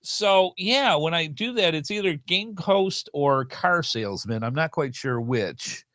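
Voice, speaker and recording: A man's voice: a little high, animated, a little slow, a bit bright, no room sound. A middle-aged man co-hosting a podcast in a casual chat, with an upbeat, game-show-host way of talking.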